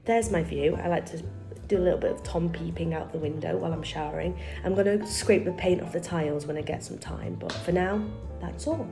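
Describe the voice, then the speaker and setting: A woman's voice: lowish voice, a little fast, gravelly, music in the background. A woman chatting casually to her viewers as she tours her apartment in a vlog. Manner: chatty, upbeat, addresses viewers directly. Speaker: lifestyle vlogger. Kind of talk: casual home-tour vlog.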